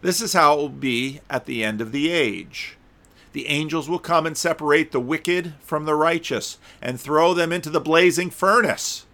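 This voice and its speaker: A man's voice: a little high, normal speed, pushed and bright. A man giving a conversational sermon, reading scripture aloud and breaking off for wry, casual asides, with occasional stumbles and restarts. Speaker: preacher.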